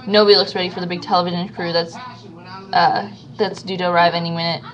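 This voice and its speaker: A woman's voice: lowish voice, little pitch movement, fast talker, low-quality recording. A woman reading a novel aloud as an amateur reader, stumbling over words and restarting now and then.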